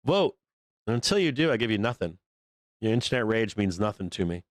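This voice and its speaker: A man's voice: fairly low pitch, sing-song, fairly quick, no echo. Profane, rambling male stream host. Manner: profane, rambling, laughs often. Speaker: livestream host. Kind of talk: casual rant on a live show.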